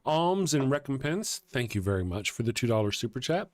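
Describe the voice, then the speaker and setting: Man, middle pitch, profane and wry, live show co-host, dry close mic. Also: big pitch swings, a little fast, dry recording. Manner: profane, sardonic, reads live chat. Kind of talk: casual political chat.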